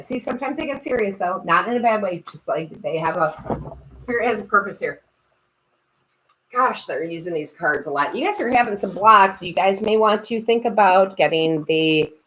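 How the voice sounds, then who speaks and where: Lowish-voiced lady doing a live tarot stream, chatty, giggles all through her stories. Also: low-quality recording. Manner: chatty, animated, laughs a lot while talking. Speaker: tarot reader and medium.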